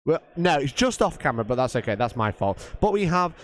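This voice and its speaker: Quick, lively male stream host. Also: medium pitch. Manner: excitable, thanks supporters, banters. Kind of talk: live tabletop game commentary.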